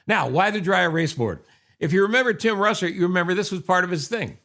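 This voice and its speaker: A man's voice: sits high, animated, fast, bright, forceful tone. Wry older man hosting a podcast. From upstate New York. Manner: chatty, wry, sarcastic asides. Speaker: podcast host. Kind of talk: casual monologue. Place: home office.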